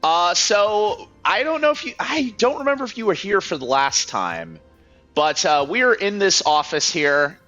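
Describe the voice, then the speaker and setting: A man's voice: high-pitched, sing-song, measured pace, pushed and bright. Chatty man commentating a game. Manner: chatty, rambling, self-deprecating. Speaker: let's play host. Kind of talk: gameplay commentary. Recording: slightly muffled, music faint.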